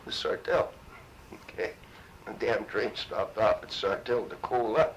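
A man's voice: on the low side, slow pace, a little hiss or hum, poor audio. A man in his seventies from Minnesota, a war veteran telling his story in an oral history interview, salty and full of cursing. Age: 70s. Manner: salty, profane, animated storyteller.

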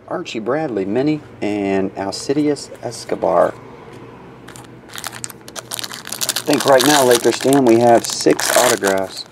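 A man's voice: gravelly, darkish tone, a little hiss or hum. A sleepy man with a runny nose, casually reading out card names during a box break. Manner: reads out names in a low murmur, chatty asides.

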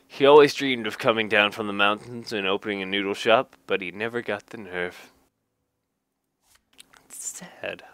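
A man's voice: fairly low pitch, a little slow, pauses often, a bit bright, no echo. A man casually reading game card text aloud, cracking jokes, laughing at them, and adding dry asides. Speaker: gaming YouTuber reading card flavor text.

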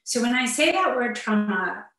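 A therapist speaking earnestly and personally to parents in an online talk, with muttered asides, heard over a video call. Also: female voice, a little high, expressive, normal speed, a bit bright. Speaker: therapist giving a parenting webinar. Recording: echoey room, far from the mic.

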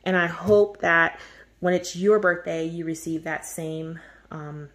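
A woman's voice: on the low side, little pitch movement, measured pace, a bit bright. A woman hosting a coloring channel, chatting casually and gushing over her birthday gifts with frequent laughter. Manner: gushing, effusive, laughs often.

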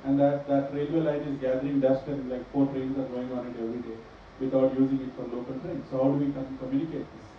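A middle-aged Indian man tells stories on a panel with a sarcastic, joking edge, talking fast in a medium-pitched voice. He's picked up from far off in a large, strongly echoing event hall, so the sound comes through dull and muffled, with a slight hiss or hum.

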